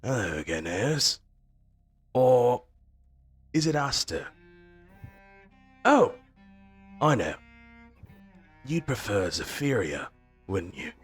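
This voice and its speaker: A man's voice: medium pitch, big pitch swings, extremely slow, long pauses, slightly rough, faint music behind, pitched above the performer's own voice, exaggerated voice. A man voicing a tall, armed male agent who mockingly taunts his captive in a falsely friendly way.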